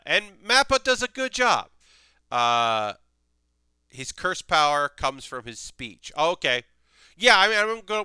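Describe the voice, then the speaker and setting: A man's voice: mid-range voice, sharp tone, clear, resonant tone, dry recording. A young man hosting his own anime show, giving rambling casual commentary with lots of fillers and restarts. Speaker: anime video host.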